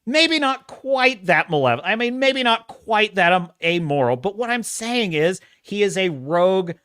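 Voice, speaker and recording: A man's voice: sits high, very animated, moderate pace, a bit bright, clean tone, no echo, studio quality. A man hosting a podcast, giving emphatic, casual commentary with frequent restarts and the occasional curse. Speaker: podcast host. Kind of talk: casual pop-culture commentary.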